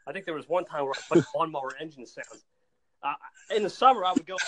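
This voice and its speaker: Excitable young man, rambling and laughing. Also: fairly high pitch, quick pace, noisy background. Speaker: guest. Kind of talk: casual chat. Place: outdoors at times.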